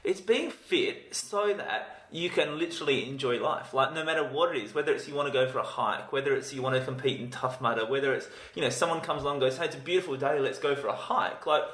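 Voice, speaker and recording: A man's voice: medium pitch, fast talker, few pauses, a bit bright. A man co-hosting a casual podcast chat, enthusiastic and full of fillers. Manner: enthusiastic, uses lots of "like" and "you know". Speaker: podcast co-host. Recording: roomy echo.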